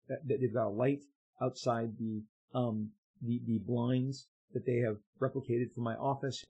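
A man, a comic book artist, telling an anecdote to his viewers in an excitable way, stumbling and repeating words as he goes. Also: medium pitch, breathy edge, poor audio. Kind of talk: casual storytelling to viewers.

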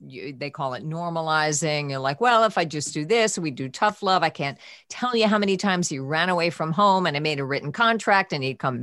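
A middle-aged woman hosting a podcast, telling a personal story in an emotional, soft-spoken way that sometimes drops to a whisper. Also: sits low, no echo, clean studio sound. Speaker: podcast host.

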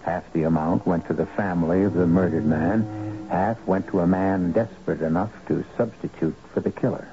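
A man's voice: low-pitched, fairly even intonation, normal speed, background noise. A man narrating a 1970s radio mystery drama in a grave, dramatic storytelling manner, on a dull lo-fi broadcast recording.

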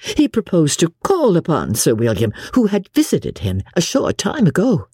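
A woman narrating a classic novel with expressive, storytelling delivery. Her voice is husky and dark, with a wide, lively pitch range. The recording is close and dry. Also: moderate pace, no echo. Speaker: audiobook narrator.

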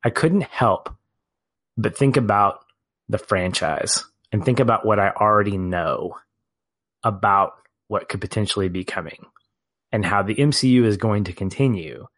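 A man co-hosting a podcast, talking through a film in casual discussion, animated at times and laughing as he reflects. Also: lowish voice, normal speed, no echo. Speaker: podcast co-host.

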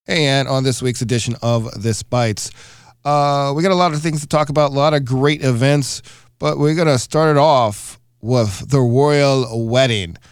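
A man's voice: medium pitch, moderate pace, smooth, no echo, clean studio sound. A man hosting a casual radio food chat, upbeat and joking, with many fillers. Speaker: radio show host.

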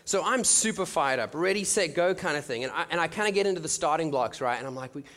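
A man in his thirties giving a conversational sermon testimony with jokey asides and frequent restarts, dropping to a soft hush at intimate moments. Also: fairly high pitch, lively intonation, fast talker. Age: 30s. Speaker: church speaker sharing his testimony. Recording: long reverb from a large hall.

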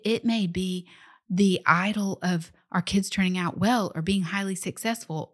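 A middle-aged woman and mother giving a conversational devotional Bible lesson, often dropping to an emphatic whisper. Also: fairly low pitch. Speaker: mother teaching faith to children.

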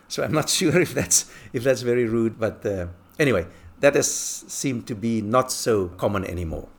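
Man telling relaxed anecdotes. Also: mid-range voice, moderate pace. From England. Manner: relaxed anecdotal storytelling with chuckles. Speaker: expat talking about life abroad. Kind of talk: casual monologue.

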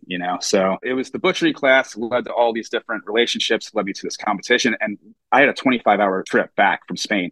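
Casual low-voiced male chef telling stories. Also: a bit bright, dry recording. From United States. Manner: casual, full of fillers, acts out quoted voices. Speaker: chef, podcast guest. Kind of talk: casual storytelling interview.

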